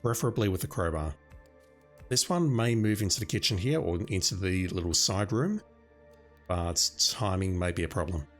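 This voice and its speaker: A hoarse man with a lowish voice talks through his game plan as he streams, thinking aloud step by step. His voice is worn and scratchy, and faint music plays behind him. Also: animated, normal speed, a bit bright. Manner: thinking aloud, planning moves. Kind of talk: gaming commentary.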